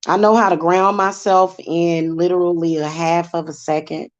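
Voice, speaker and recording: Sassy woman host, low-pitched, chatty, muffled lo-fi sound. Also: flat delivery, normal speed. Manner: chatty, sassy, repetitive fillers. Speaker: spiritual channel host. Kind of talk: casual monologue. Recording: dull lo-fi sound.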